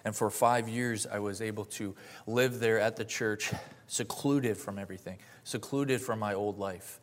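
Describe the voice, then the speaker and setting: A man's voice: fairly low pitch, fairly even intonation, moderate pace. A man in his late twenties giving a personal testimony and sermon, earnest and heartfelt, rising to fervent emphasis. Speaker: preacher.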